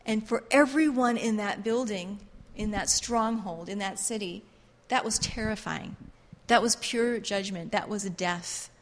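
A woman's voice: mid-range voice, measured pace, few pauses. A woman teaching a Bible class in a fervent, repetitive preaching style. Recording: long hall reverb.

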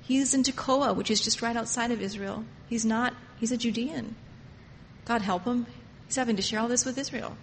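A woman's voice: a little high, moderate pace. Passionate woman preaching in a reverberant hall. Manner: passionate, swings from hushed to loud. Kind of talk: sermon. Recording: long hall reverb, faint noise.

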